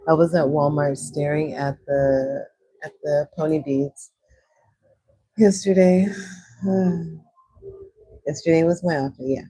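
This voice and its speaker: A young woman hosts a livestream, chatting casually while swatching watercolors and reading out and answering viewers' comments. Her husky, mellow voice sits a little low but sometimes leaps into high squeals of excitement. She talks slowly with long pauses, and the audio is poor.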